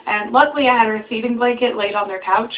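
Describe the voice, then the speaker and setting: A woman's voice: on the high side, quick pace, lo-fi sound. A young woman and new mother chatting casually to the camera, giggly and full of fillers.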